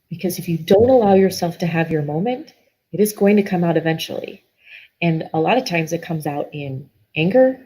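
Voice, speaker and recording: A woman's voice: fairly low pitch, darkish tone, low-quality recording. A middle-aged woman guest telling a personal story in an earnest, emotional way, often restarting her sentences.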